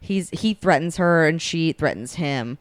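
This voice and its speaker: Young woman podcast host, low smooth voice, dry close sound, casually recaps a story and voices the characters. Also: unhurried, no echo. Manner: animated retelling, acts out characters' lines. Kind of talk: casual chat, retelling a romance story.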